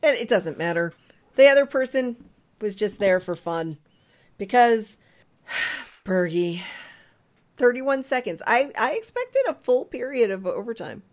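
A woman's voice: fairly high pitch, lively intonation. A woman co-hosting a casual sports podcast, chatty and emphatic as she recaps a game. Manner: chatty and emphatic, quick laughs. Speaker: podcast co-host.

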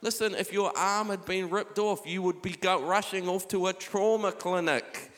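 A man's voice: high voice, fairly even intonation, normal speed, fairly bright tone. A man, a pastor giving a conversational sermon with scripture readings, recorded live in a church hall. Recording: live hall with long reverb.

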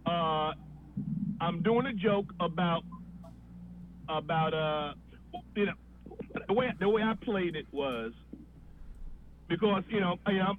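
A man, a comedian telling a long story on a podcast and acting out the voices in it. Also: high voice. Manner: animated storyteller, acts out voices. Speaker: guest comedian. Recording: tinny phone-like line with faint noise.

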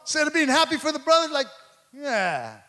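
A man's voice: very high voice, flat delivery, very fast, bright, forceful tone. A man preaching a sermon as a pastor, emphatic and conversational, pressing his points home.

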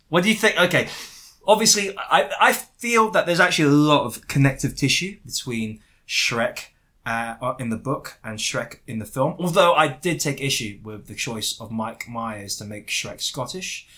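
A man hosting a casual comedy podcast, arguing silly points in a deadpan, mock-serious way. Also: mid-range voice, moderate pace.

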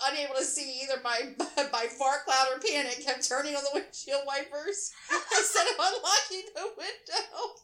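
A woman host in her thirties reading a funny story aloud and laughing as she goes. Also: high voice. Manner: animated, laughing through the reading. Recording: roomy echo.

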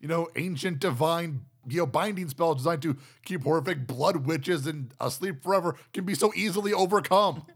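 A man's voice: fairly high pitch, normal speed, hardly any pauses, husky. A man co-hosting a casual film review chat, incredulous and exasperated, swearing now and then. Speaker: podcast co-host reviewing a film.

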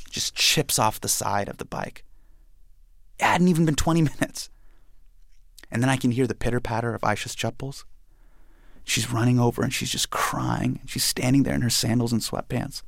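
Gravelly man telling an animated story. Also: mid-range voice, normal speed, pauses often, dry recording, clean studio sound. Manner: animated, acts out the scenes. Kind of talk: personal storytelling.

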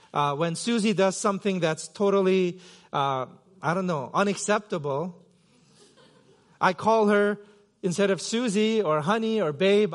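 A middle-aged man from Korea preaching a sermon as pastor, in a conversational, self-deprecating way with many fillers and restarts. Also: high voice. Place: church sanctuary.

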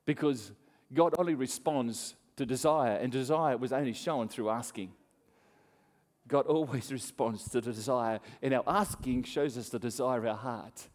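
Animated preacher in a reverberant hall. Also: male voice, medium pitch, normal speed. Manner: animated storytelling, acts out voices, laughs often. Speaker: pastor. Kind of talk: sermon.

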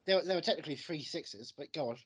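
A man's voice: on the high side, animated, fast, fairly bright tone. A British man teasing his co-host through a casual movie quiz, tossing out actor names. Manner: playful, teasing, rattles off names.

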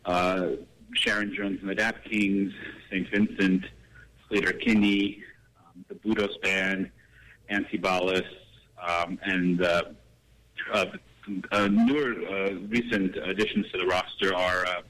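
A man talking as a guest in a radio interview, calling in and speaking in a measured way with many fillers. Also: low voice, steady tone, a bit bright, rough recording. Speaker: guest, artist manager. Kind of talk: phone-in interview.

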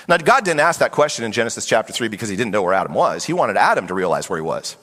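A middle-aged man preaching a sermon as pastor, animated and acting out voices of Bible figures. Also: on the low side, fast, hardly any pauses. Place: church sanctuary. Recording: long hall reverb.

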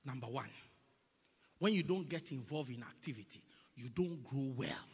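A man's voice: mid-range voice, lively intonation, moderate pace, darkish tone, breathy edge. A man preaching a sermon in a church, emphatic and repetitive, slipping into mocking impressions. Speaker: pastor. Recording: long reverb in a large hall.

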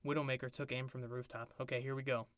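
Male podcast co-host, mid-range voice, deadpan fan-fiction reader, dry close mic. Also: medium pitch, quick pace, no echo. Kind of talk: reading fan fiction aloud for comedy.

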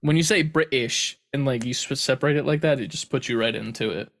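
Animated male co-host, casual chat. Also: mid-range voice, a little fast. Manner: animated, slips into silly accents. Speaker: podcast co-host.

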